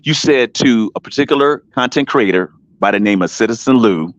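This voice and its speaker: Animated man with dull, dry sound. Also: medium pitch, brisk, dry recording. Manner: emphatic, repetitive, addresses listeners by name. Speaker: panel guest on an online talk stream. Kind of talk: heated casual talk. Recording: dull dry stream audio.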